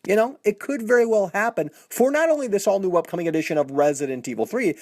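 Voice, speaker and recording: A man's voice: high voice, fast, slight background noise. A man hosting a gaming news channel, talking casually to viewers and often calling them folks. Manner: animated, addresses viewers as folks; repeats "you know what I mean". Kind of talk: casual video commentary.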